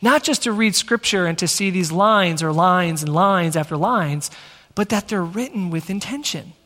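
A man preaching a teaching sermon in a church, energetic and conversational, talking straight to the congregation. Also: high-pitched, normal speed. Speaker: pastor. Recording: long reverb of a large hall.

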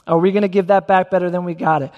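High-voiced preacher with hall reverb. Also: male voice, steady tone, very fast, muffled recording. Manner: emphatic, repeats questions for effect. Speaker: pastor. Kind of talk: sermon.

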